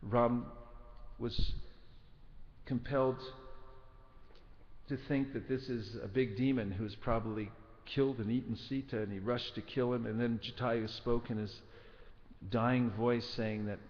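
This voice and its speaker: A man giving a scripture class, telling a story in an earnest, measured way. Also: medium pitch, fairly even intonation, darkish tone. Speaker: spiritual teacher. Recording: dull recording in a reverberant hall.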